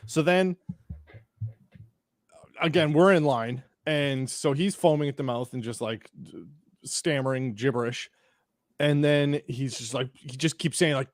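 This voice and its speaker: A man's voice: medium pitch, fairly even intonation, a little slow, long pauses, no room sound, clean studio sound. A man hosting a podcast, telling a rambling anecdote in casual chat, full of restarts and acted-out quotes. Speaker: podcast host.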